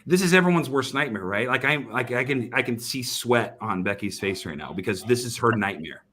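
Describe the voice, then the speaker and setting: A man's voice: medium pitch, expressive, a little fast, a bit bright. Emphatic man telling a sales story. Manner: emphatic, repeats words and restarts often. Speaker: sales trainer guest. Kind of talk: animated storytelling in a podcast chat.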